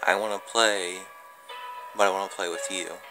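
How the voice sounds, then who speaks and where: A man's voice: sits low, level tone, normal speed, over music, lightly acted, poor audio. A man reading as a lonely ghost boy. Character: lonely ghostly boy haunting an online game.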